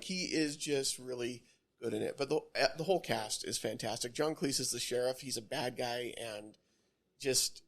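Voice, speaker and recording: A man co-hosting a podcast in a coffee and comic shop, chatting casually with lots of fillers and restarts. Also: medium pitch. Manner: rambling, filler-heavy. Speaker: podcast co-host. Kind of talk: casual chat. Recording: busy café crowd behind. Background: café crowd chatter.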